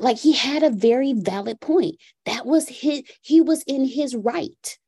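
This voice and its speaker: High, mellow-voiced woman telling a story. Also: a little slow, slightly rough. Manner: animated, acts out her son's and her own lines. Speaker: podcast participant sharing a story. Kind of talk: casual storytelling in a group call.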